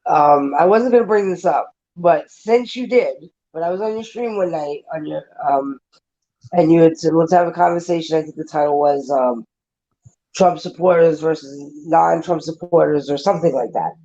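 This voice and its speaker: A woman's voice: deep voice, moderate pace, mellow, highs cut off. Blunt, swearing woman on a livestream. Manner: blunt, emotional, swears freely. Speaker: livestream panel host. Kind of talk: casual livestream chat.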